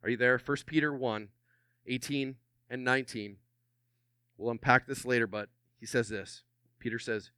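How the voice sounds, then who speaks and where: Animated man preaching a sermon. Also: medium pitch, moderate pace, long pauses, clean tone, no echo, studio quality. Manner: animated preaching, call-and-response with congregation. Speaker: pastor.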